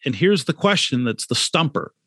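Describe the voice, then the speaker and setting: A man's voice: a little high, very animated, normal speed, pushed and bright, slightly rough, no echo, studio quality. A man, an author and brand consultant, talking in a podcast interview, emphatic, repeating key points and asking rhetorical questions.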